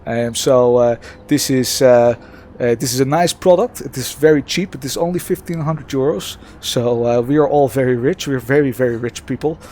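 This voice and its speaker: A man's voice: medium pitch, normal speed, hardly any pauses, darkish tone, close to an everyday voice. A man putting on a Dutch accent to play a sarcastic mock presenter of a gadget, with a smug salesman tone and many hesitations. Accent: put-on Dutch. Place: home sim-racing setup.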